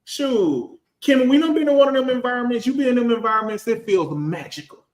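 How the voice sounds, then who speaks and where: A man in his thirties, a finance professional on a casual panel, talking in an animated, storytelling way. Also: very high voice, fairly quick, roomy sound. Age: 30s. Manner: animated, storytelling, acts out quotes.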